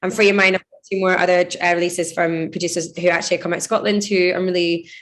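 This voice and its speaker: A woman's voice: on the low side, little pitch movement, quick pace, a bit bright. A woman DJ and producer in her thirties, chatting loosely in an interview, rambling and laughing often. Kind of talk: casual interview chat.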